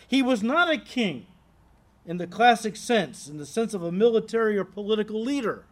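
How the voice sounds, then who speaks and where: A man's voice: sits high, expressive, a little fast. A pastor preaching an expository sermon, earnestly reading scripture and explaining it to his congregation. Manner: earnest, emphatic teaching, addresses listeners as "guys"; reads scripture aloud and explains it.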